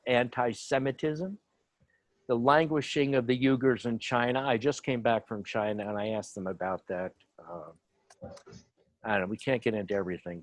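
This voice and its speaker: A man speaks as a panelist in an online discussion, rambling through his points with frequent ums and uhs. His voice sits in a middle pitch, and the sound is dry and close, with no room around it. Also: dry recording. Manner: rambling, many fillers and asides. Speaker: panel speaker on human rights. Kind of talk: informal talk, lecturing.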